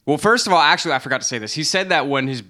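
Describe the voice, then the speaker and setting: A man's voice: fairly high pitch, animated, rapid-fire, sharp tone. A man co-hosting a podcast, telling history in a loose, chatty way, swearing now and then and laughing often. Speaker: podcast co-host. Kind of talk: casual history chat.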